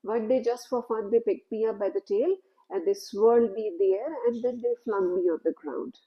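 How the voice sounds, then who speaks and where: A woman voicing a gentle, humble male snake who speaks mildly and forgives everyone, in a told story. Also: mid-range voice, normal speed, dull audio, natural voice. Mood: mild, forgiving. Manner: mild, soft-spoken.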